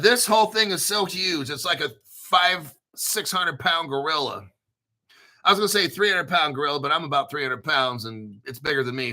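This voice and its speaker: A man's voice: a little high, pushed and bright. A male host giving casual livestream commentary in a brash, profane, joking hype manner. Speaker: crypto show host.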